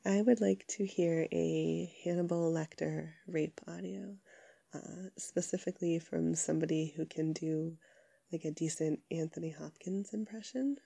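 A young woman with a sick voice chatting casually to her listeners from her couch, rambling with lots of fillers and soft giggles. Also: low-pitched, steady tone, unhurried, creaky, slightly rough, no room sound.

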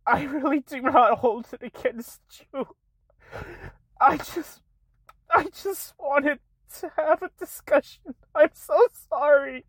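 Shaky, tearful young woman apologizing slowly. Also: high-pitched, dry recording. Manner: halting, breaks off and restarts, repeated apologies. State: shaky, close to tears. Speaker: content creator.

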